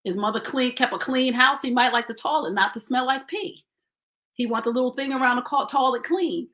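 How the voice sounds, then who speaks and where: A woman's voice: sits high, fairly quick, fairly bright tone. A woman in her fifties giving blunt, preachy relationship advice in a casual live stream, speaking straight to her viewers. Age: 50s.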